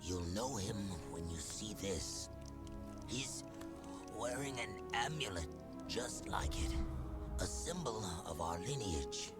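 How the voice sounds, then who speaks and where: An actor playing a dying old male warrior, speaking with a deep, weary voice between coughs, in a video game cutscene. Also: sing-song, takes it slowly, over loud music. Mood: solemn, dying.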